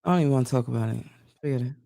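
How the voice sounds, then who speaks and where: A woman co-hosting a casual live-stream show, venting in an irritated way and swearing freely on a boom mic at home. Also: racing, creaky, warm tone, dry recording, clean studio sound. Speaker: co-host.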